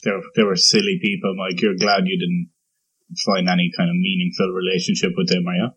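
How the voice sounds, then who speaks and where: Husky Irish man, dry teasing. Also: low voice, level tone, brisk, a bit bright, lo-fi sound. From Ireland. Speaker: podcast co-host. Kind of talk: casual podcast banter.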